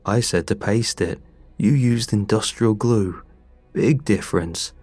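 A man's voice: lowish voice, a little slow, a little mellow, no room sound. A man voicing a greedy middle-aged landlord who talks down to people and cuts them off. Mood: smug. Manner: chipper, condescending, cuts people off.

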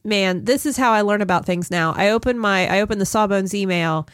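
A woman's voice: medium pitch, a little fast, clear, resonant tone, no echo, studio quality. Congested woman co-hosting a podcast. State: congested, nasal from a cold. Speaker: podcast co-host. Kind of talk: casual chat.

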